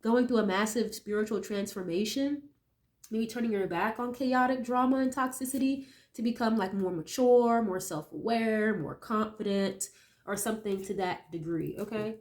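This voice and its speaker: Her voice is a little high and slightly mellow, moving at a moderate pace, with a nasal quality left over from a cold. As a tarot reader, she chats casually with viewers over the cards, musing aloud and tacking on frequent tag questions.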